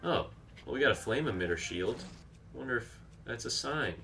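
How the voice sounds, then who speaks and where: A man's voice: medium pitch, animated, normal speed, gravelly, fairly bright tone, slight background noise. A man streaming a video game, chatting casually, reacting aloud to the action and reading out viewer comments. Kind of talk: live gameplay commentary.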